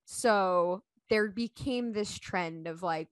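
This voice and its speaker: A woman in her thirties, a podcast guest, telling a personal story in casual chat, animated and laughing often as she acts out the dialogue. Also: lowish voice, a little slow, few pauses, no room sound.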